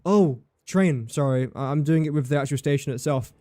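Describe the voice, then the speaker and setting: A man's voice: fairly high pitch, fairly quick, dark tone, dry recording, clean studio sound. Chatty man thinking aloud while gaming. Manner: thinks aloud, chatty, talks to the game and to chat. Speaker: game streamer. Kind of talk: live gameplay commentary.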